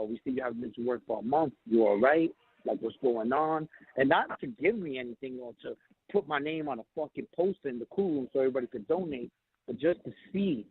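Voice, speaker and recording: A man's voice: medium pitch, breathy edge, dry recording. A man calling in while riding a train, talking bluntly and swearing, acting out what others said. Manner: blunt, swearing, tells stories with quoted voices. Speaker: caller. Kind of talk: casual call-in chat. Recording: tinny phone line. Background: train noise.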